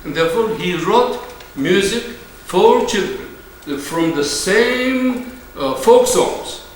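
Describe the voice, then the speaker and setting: A man in his seventies with an Armenian accent, giving a live lecture with slow, deliberate phrasing and hesitations. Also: high voice, expressive, slight background noise. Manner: slow, deliberate delivery with fillers, sometimes sings phrases. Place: large lecture hall. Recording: echoey hall, mic far off.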